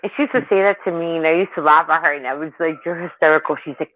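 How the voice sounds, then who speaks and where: A woman's voice: deep voice, very fast, no echo. A woman in her forties chatting casually as a caller, rambling and candid, telling stories animatedly. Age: 40s. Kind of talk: casual chat. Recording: tinny dry phone line.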